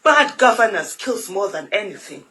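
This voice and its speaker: A Nigerian woman, a political commentator with a Nigerian accent, gives an impassioned, fiery political monologue full of emphatic repetition. Her medium-pitched voice is very animated, a bit bright, at a moderate pace. The recording quality is low.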